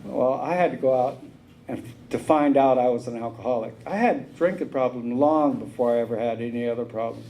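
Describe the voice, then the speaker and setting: Man, recovery meeting speaker, plainspoken drawl, mellow warm tone, faint hiss behind. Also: mid-range voice, brisk, low-quality recording. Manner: plainspoken storyteller, drawling with frequent "uh" and "you know". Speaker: AA speaker sharing his story.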